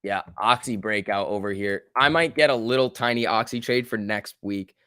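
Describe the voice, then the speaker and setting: A man's voice: on the low side, clean tone, no echo, clean studio sound. Man chattering live over stock charts. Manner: loose running commentary, reads chat aloud, quick excited outbursts. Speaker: livestream host. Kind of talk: casual live trading stream chatter.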